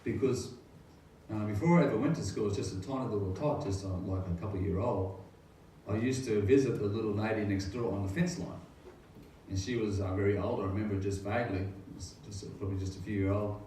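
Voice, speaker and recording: A man's voice: fairly low pitch, a little fast, mellow. A middle-aged man, a pastor, earnestly telling his faith testimony in a rambling way with rhetorical questions. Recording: very echoey room, distant mic, faint noise.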